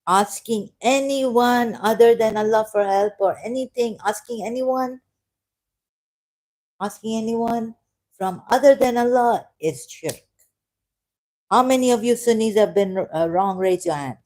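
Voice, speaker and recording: A woman's voice: a little high, unhurried, a little mellow. A woman giving casual, sarcastic commentary while reading aloud from a screen. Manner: sarcastic, mocking. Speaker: video creator.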